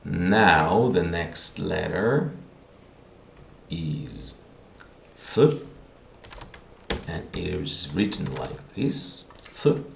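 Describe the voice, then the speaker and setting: Slow, deep, gravelly male teacher. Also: animated, slight background noise. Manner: patient, repeats words, thinks aloud. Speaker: language teacher. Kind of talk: online video lesson. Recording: roomy echo.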